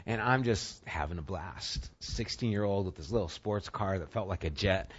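Conversational preacher, muffled lo-fi sound. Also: male voice, deep voice, normal speed, slightly rough. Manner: conversational, swings from loud and punchy to quiet and intimate. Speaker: pastor. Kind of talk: sermon with personal storytelling.

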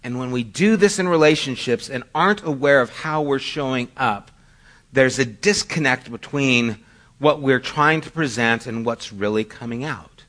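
At normal speed, a middle-aged pastor with a medium-pitched, slightly bright voice preaches. The sermon comes across as conversational storytelling, dotted with self-deprecating asides.

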